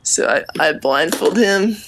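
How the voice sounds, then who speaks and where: A man's voice: high voice, lively intonation, unhurried, gravelly, background noise. A man playing a tabletop game, casual and laid-back with surfer-like slang. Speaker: player. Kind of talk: casual tabletop role-play.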